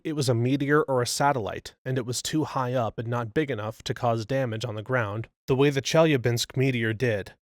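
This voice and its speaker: A man narrating reader stories in an even, steady read-aloud style. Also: mid-range voice, no room sound, clean studio sound. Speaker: story narrator.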